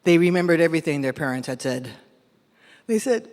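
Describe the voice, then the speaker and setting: A woman from San Jose performing a bilingual folk tale live, animated and mixing Spanish with English. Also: low voice, brisk. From San Jose, California. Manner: animated, switches between Spanish and English phrases. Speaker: storyteller. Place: large event hall. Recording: echoey hall from a live event.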